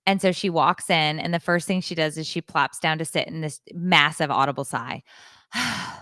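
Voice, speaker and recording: Middle-aged woman, podcast co-host, smooth lowish voice, dry close sound, lively storyteller. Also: moderate pace, no room sound. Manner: animated storyteller, acts out quoted voices. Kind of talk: casual chat.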